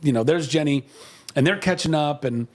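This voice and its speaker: A man in his forties tells a personal story about a film, his voice pitched a bit high. He talks in an animated, emotional way, full of fillers and restarts. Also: moderate pace. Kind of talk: casual storytelling.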